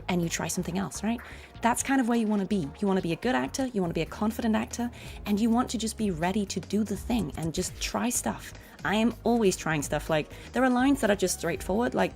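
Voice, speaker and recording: Woman, RP English accent, casual stream chat, mid pitch, slight fry. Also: fast talker, a little mellow, soft background music. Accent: neutral RP English. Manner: chatty, laughs often. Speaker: voice actor streaming a game.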